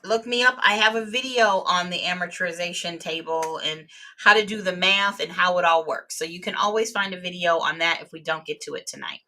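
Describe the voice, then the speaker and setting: A woman's voice: on the low side, fairly quick, hardly any pauses, sharp tone. A woman teaching real estate exam vocabulary in a live webinar, explaining terms with everyday examples.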